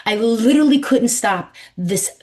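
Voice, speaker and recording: Animated New York woman in her forties. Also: fairly high pitch, a little slow. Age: 40s. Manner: animated, emphatic, acts out quoted voices. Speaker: numerologist guest. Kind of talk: podcast interview storytelling.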